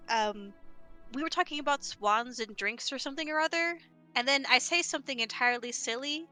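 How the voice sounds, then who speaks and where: A woman's voice: fairly high pitch, pushed and bright. A woman with a nasal voice, chatting and joking casually while co-hosting a game stream. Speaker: streamer, co-host. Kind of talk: casual gaming chat.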